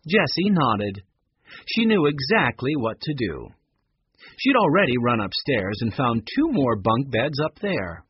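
A man narrating a children's book aloud with expressive storytelling. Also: mid-range voice, measured pace, husky, dry recording, lo-fi sound. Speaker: audiobook narrator. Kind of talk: children's audiobook reading.

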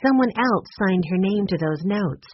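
A woman reading a storybook and voicing a gentle, loyal girl who speaks softly but firmly. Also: mid-range voice, lively intonation, normal speed, muffled recording, a little hiss or hum, close to an everyday voice.

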